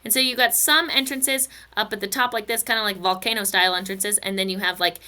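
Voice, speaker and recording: A woman's voice: mid-range voice, fairly even intonation, fast, sharp tone. A woman teaching a recorded physics lesson, chatty and playful, slipping into silly stories and asides.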